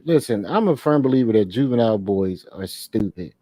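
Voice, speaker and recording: A man co-hosting a casual talk show, teasing his friends and ranting about dumb kids. His voice is warm and mellow, with lively pitch swings, and it sounds dry and close. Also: a little fast, no echo. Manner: teasing, joking ribbing of friends. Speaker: podcast co-host. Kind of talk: casual chat.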